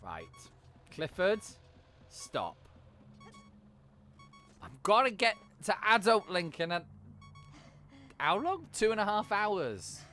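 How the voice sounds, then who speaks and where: A man chatting casually while he plays on a live stream, swearing freely and cracking quick jokes. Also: sits high, wildly swooping pitch, pushed and bright, faint music behind.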